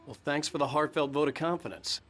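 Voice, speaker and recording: A man's voice: on the high side, a little fast, fairly bright tone, lightly acted. An actor playing a grim, determined male writer in a video game, speaking tersely and bluntly. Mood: dry. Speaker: game character. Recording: distant game audio over music.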